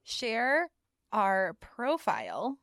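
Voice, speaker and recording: A woman co-hosting a podcast in casual chat, calm and agreeable, mostly giving brief replies. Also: a little high, extremely slow, dry recording, clean studio sound. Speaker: podcast co-host.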